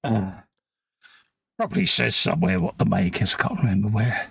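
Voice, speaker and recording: Gravelly-voiced southern English man chatting. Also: on the low side, very animated, moderate pace, fairly bright tone, dry recording, clean studio sound. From England. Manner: chatty, joking banter, reads out viewer comments. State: sniffly. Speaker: co-host of a live model-building stream. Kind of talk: casual chat while building a model kit.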